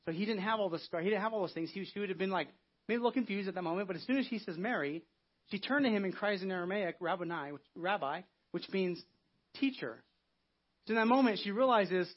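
Casual pastor, male, high husky voice, chatty delivery, dull lo-fi church recording. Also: quick pace. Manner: conversational, acting out biblical quotes. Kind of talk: Easter sermon.

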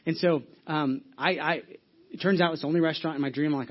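Fast-talking man preaching a sermon. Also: a little high, lo-fi sound. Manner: storytelling with many restarts and acted asides. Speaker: pastor.

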